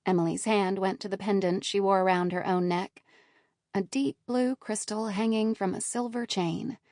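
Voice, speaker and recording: A woman reading a first-person romantic comedy audiobook in a measured, lively way, on a close studio microphone. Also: mid-range voice, no room sound. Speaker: audiobook narrator.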